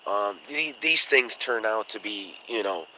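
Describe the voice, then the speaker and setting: A man's voice: fairly low pitch, expressive, measured pace, bright, forceful tone, a little hiss or hum, low-quality recording. A man hosting a casual livestream chat, telling stories in a blunt, profane way and acting out the voices of people he quotes. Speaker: podcast host.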